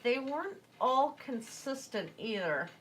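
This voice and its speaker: A woman's voice: high voice, animated, a little slow, a little hiss or hum. A woman chatting casually while she paints on a livestream, rambling with fillers and self-corrections. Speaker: artist livestreaming a painting session.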